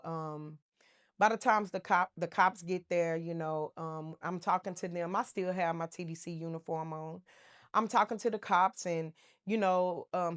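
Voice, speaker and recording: Emotional woman telling her testimony. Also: fairly low pitch. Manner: emotional, animated retelling with many fillers. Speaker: testimony speaker. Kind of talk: personal testimony storytelling.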